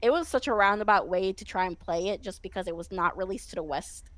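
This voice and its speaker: A woman chatting as an interview guest, excitable and rambling, with frequent laughs and restarts. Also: medium pitch, quick pace, poor audio. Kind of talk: casual chat.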